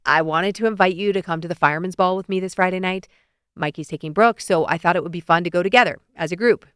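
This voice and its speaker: A man's voice: high-pitched, fast talker, fairly bright tone, smooth, no echo, clean studio sound. A woman voicing a friendly, easygoing male fire chief who chuckles and talks in an inviting way in an audiobook.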